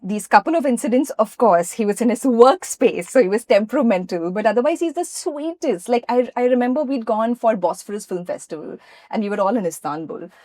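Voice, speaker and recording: A woman from India, an actress being interviewed, who tells lively anecdotes and acts out what people said. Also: a little high, brisk, dry recording. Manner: lively anecdotes, often acting out quoted dialogue. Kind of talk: interview storytelling.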